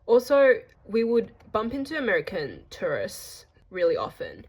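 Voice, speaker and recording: A woman's voice: mid-range voice, wildly swooping pitch, normal speed, slightly rough. A young Australian woman narrating a casual travel vlog in a chatty, gossipy way with playful slang. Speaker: vlogger.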